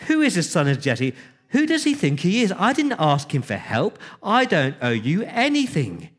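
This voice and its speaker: A man's voice: high-pitched, huge pitch swings, normal speed, in a large hall, exaggerated voice. A man preaching voices a nasty, stingy rich man who mocks with indignant questions. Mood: scornful.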